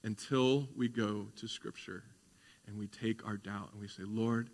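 A man's voice: on the low side, steady tone, a little slow, in a large hall. A man preaching a sermon as pastor, conversational at times and building to fervent emphasis.

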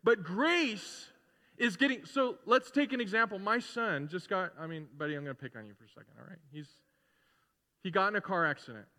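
A middle-aged man preaching a sermon as pastor in a conversational way, building to loud, emphatic repetition. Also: high voice, expressive, a little fast. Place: church sanctuary. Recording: long hall reverb in a church.

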